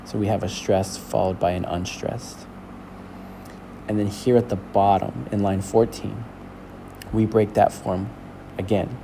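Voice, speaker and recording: A male teacher walking a class through a lesson, explaining slowly and checking in with "okay?". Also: lowish voice, vocal fry, mellow, a little hiss or hum. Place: school building.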